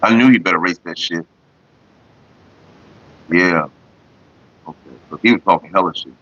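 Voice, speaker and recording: A young man with a low, sharp voice vlogs at a moderate pace, retelling an online argument in a casual, profane way and laughing as he goes. It's a dull, lo-fi home recording.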